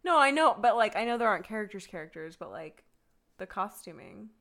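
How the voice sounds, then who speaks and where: A young woman talks at an ordinary mid pitch. She co-hosts a podcast in relaxed, candid chat. She jokes and swears freely. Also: brisk. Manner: frank, joking, swears freely. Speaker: podcast co-host. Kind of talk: casual chat.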